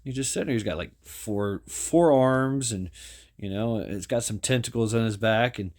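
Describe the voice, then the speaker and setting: A man's voice: on the low side, moderate pace, a little mellow. A man casually telling a story, rambling with restarts and fillers.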